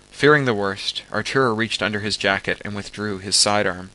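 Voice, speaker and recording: A man reading a story aloud as an amateur audiobook, steady with occasional stumbles. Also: fairly low pitch, normal speed, few pauses, poor audio. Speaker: narrator.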